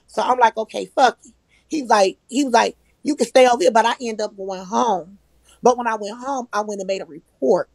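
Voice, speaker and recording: High-voiced woman telling a heated story. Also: brisk, vocal fry, darkish tone, dry recording, rough recording. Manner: emphatic, acts out quoted arguments; profane, repetitive. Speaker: live-stream guest.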